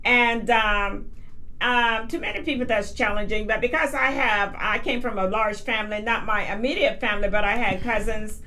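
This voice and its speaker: Earnest, thoughtful woman from the US South as a talk radio guest, with a slightly high voice. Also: normal speed, bright, forceful tone. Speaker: radio guest, mother mentor.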